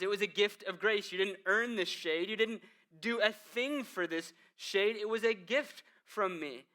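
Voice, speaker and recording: A male pastor with a bright, forceful edge and a smooth, crisp voice. He preaches casually, tossing in asides to the congregation. His delivery moves between hushed, low passages and emphatic peaks. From United States. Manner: conversational preaching with asides, "man" and "right?". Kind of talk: sermon.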